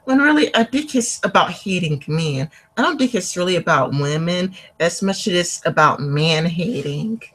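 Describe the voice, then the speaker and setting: A woman's voice: lowish voice, animated, normal speed, hardly any pauses, fairly bright tone, slightly rough, rough recording. A woman in casual conversation on a video call, rambling and leaning on fillers like "like" and "um". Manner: rambling, filler-heavy with frequent likes. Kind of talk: casual online chat.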